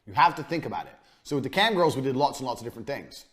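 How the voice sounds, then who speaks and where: Man, business coach, lecture, blunt, swears a lot, repeats points, pitch swings up and down. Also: expressive, racing, fairly bright tone. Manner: blunt and profane, hammering points by repetition.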